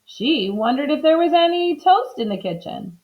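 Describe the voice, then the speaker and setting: An expressive, animated woman reads a children's storybook aloud without hurrying, her bright, high pitch rising and falling with each turn of the story. The audio is slightly dull and lo-fi.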